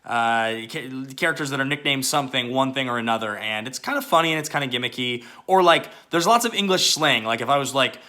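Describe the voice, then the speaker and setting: A man's voice: mid-range voice, brisk, few pauses, pushed and bright. A man hosting a casual movie review channel, chatty and loose, with lots of fillers and asides.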